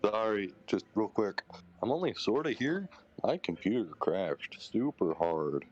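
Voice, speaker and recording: A man talking casually as a player in a tabletop game, rushed and apologetic. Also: fairly low pitch, big pitch swings, darkish tone, dull audio.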